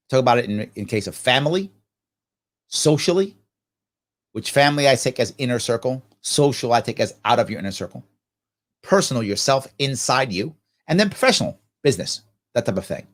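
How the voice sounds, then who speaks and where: Man hosting a live q&a stream, talks all over the place pitch-wise, asks himself questions then answers em. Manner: animated, preachy, rhetorical questions answered himself; acts out both sides of imagined conversations. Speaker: livestream show host. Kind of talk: live ask-me-anything talk.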